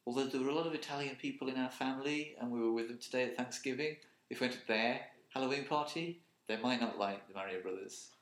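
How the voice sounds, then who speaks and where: A man co-hosts a podcast in loose, joking chat, rambling along between ideas. His voice sits at an ordinary middle pitch. The room adds a noticeable echo around him. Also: fast. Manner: jokey, rambling, puts on silly voices. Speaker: podcast co-host. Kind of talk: casual chat. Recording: roomy echo.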